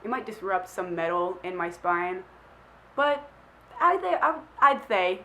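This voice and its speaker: A woman's voice: medium pitch, lively intonation, unhurried, sharp tone, poor audio. A young woman who is feeling sick, chatting casually to camera as she answers questions in a rambling, self-deprecating way full of filler words. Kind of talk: casual chat.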